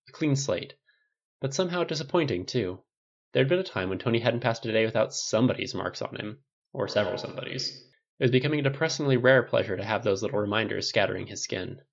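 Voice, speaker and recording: Gravelly male audiobook narrator. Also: on the low side. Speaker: audiobook reader. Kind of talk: fan fiction audiobook narration. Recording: slightly dull lo-fi recording.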